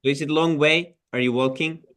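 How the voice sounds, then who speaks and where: A man's voice: a little high, steady tone, fairly bright tone. A man, a fellow devotee, reacting eagerly and laughing easily in a casual chat. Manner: responsive, eager, quick to laugh.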